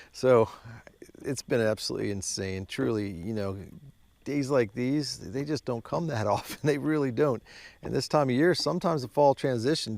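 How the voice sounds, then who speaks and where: A man giving excited fishing commentary from a boat on a mountain lake, exclaiming often and calling out to viewers as guys. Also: lowish voice, vocal fry, slight background noise. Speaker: fishing vlogger.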